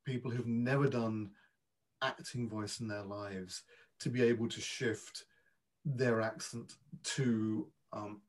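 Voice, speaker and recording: A man's voice: medium pitch, steady tone, takes it slowly. A man who works as a dialect coach, answering an interview question in a reflective way and searching for his words.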